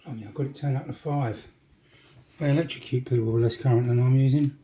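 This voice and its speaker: A man's voice: medium pitch, steady tone, quick pace, dark tone, a little hiss or hum. A man with a jokey, chatty manner, talking himself through a model-making job at his workbench. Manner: chatty, jokey asides, talks to himself while working. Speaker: model railway hobbyist. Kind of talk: casual workshop demonstration.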